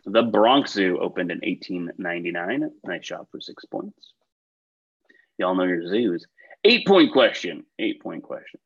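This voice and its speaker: Lively low-voiced man hosting a quiz. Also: breathy edge, lo-fi sound. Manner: upbeat, chatty asides between questions. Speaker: quiz show host. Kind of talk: reading trivia questions on a video call. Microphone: video call.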